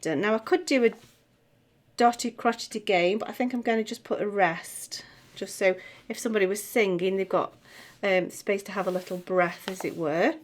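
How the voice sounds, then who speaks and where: A middle-aged woman teaching music theory, chatting as she writes and sounding out words slowly. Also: medium pitch. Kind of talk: tutorial, talking while writing.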